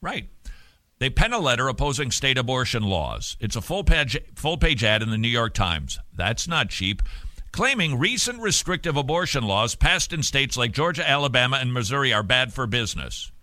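A man's voice: mid-range voice, sing-song, moderate pace, pushed and bright, dry recording. A man hosting an opinion show, giving mocking, sarcastic commentary. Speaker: show host.

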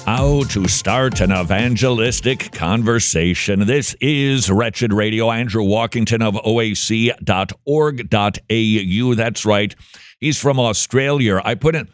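A man's voice: lowish voice, a little slow, no room sound, clean studio sound, soft background music. A man hosting a radio show, chatting casually and teasing his guest with jokes. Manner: joking, teasing banter. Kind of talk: casual interview chat.

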